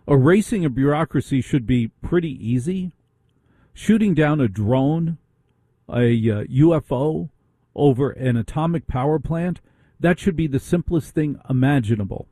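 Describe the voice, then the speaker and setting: A man hosts a talk radio show, delivering a ranting monologue packed with rhetorical questions. His voice is dark and husky. The sound is dry and close. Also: on the high side, lively intonation, a little slow, no room sound.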